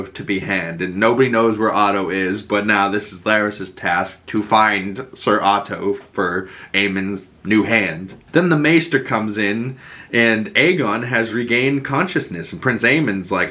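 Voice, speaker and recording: Man, young, lowish voice, podcast host, casual TV recap, profane, rambling fillers. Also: fairly bright tone. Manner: loose and profane, lots of fillers.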